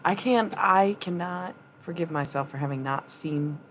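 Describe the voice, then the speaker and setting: Woman streamer, low voice, casual tough-love chat, blunt and profane, faint background hum. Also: moderate pace. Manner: chatty, laughs often. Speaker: livestreamer.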